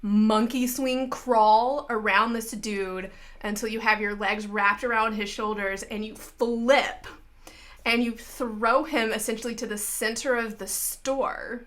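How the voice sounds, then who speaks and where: A woman's voice: a little high, slow pace. A woman narrating as game master of a tabletop game, with lots of "like" fillers. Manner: lively, frequent filler "like".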